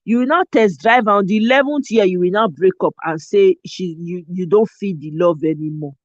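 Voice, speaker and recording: A Nigerian-accented woman hosting a casual chat, animated and expressive, slipping into pidgin phrases. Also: lowish voice, normal speed, dry recording. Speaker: show host. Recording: dull lo-fi dry sound.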